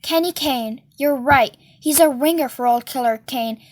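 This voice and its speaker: Casting: cold biker gang boss, quiet and threatening, read by a woman. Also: high-pitched, normal speed. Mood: menacing. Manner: quiet and threatening, clipped questions.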